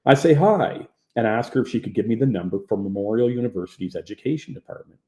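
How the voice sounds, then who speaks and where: A man from Ontario reading his memoir aloud in an animated storytelling manner. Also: fairly low pitch, fast talker. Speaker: narrator.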